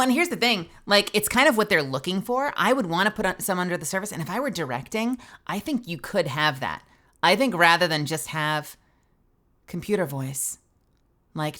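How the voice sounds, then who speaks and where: Low-voiced woman chatting about voice acting. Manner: animated, swears freely, explains voice acting. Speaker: streamer and voice actor. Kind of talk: casual live-stream chat.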